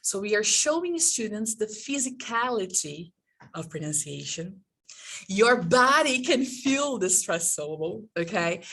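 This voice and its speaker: A woman runs an online workshop for teachers, speaking slowly and deliberately over a video call. She keeps her audience involved, checking in constantly with "okay?" and "right?", with a middle-pitched voice. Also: big pitch swings, fairly bright tone. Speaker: teacher trainer.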